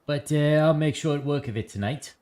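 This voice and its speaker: A man's voice: a little high, moderate pace, mellow. A man playing a tabletop game, speaking politely with some hesitation. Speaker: player.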